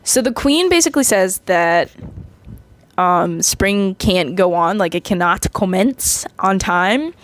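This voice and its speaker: A woman's voice: medium pitch, lively intonation, slow, dry recording. A woman in her twenties recapping a movie in a rambling, chatty way, full of fillers. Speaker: vlogger.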